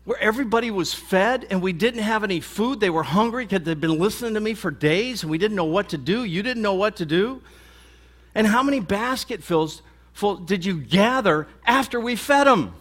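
A man's voice: high voice, expressive, moderate pace, a bit bright, pitched above the performer's own voice. A man voicing Jesus as an exasperated teacher pleading with his followers in a raised voice.

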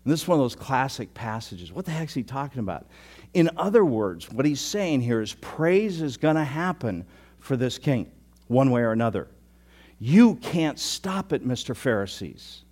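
With a medium-pitched voice at normal speed, a pastor delivers his sermon playfully, ribbing his audience and punctuating the story with sudden loud bursts.

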